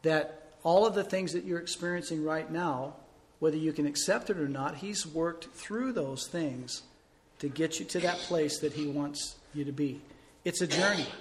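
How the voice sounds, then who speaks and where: A male pastor delivering a sermon in an expressive storytelling manner. His voice sits a little high for a man. He pushes hard on key words, then drops soft and slow. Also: a little hiss or hum. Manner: dynamic storytelling, swings between loud emphasis and soft pauses.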